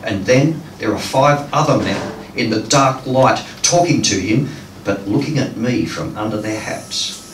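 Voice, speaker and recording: Poet reading live, unhurried and hesitant between pieces, picked up by a far mic in an echoey room. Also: male voice, mid-range voice. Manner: slow, hesitant between poems, with many ums. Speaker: poet reading his work. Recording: echoey room, distant mic, faint noise.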